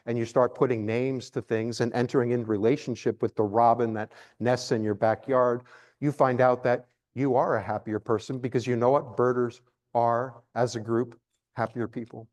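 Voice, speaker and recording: A man's voice: mid-range voice, flat delivery, moderate pace, darkish tone. A middle-aged man giving a live lecture on nature as a naturalist, playful and theatrical, joking with his audience.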